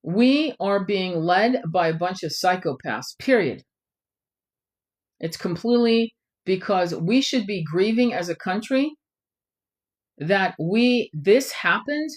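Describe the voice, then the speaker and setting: A middle-aged woman speaks straight to her viewers in an impassioned monologue, her voice sitting in a middle register. She is blunt and fiery, swearing freely as she rants. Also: medium pitch. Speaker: tarot channel host.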